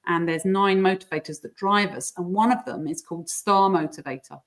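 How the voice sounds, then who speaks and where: Lowish-voiced woman coaching in chat. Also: a little fast. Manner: explanatory, uses playful squeaky voices for examples. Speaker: guest coach. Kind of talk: casual interview chat.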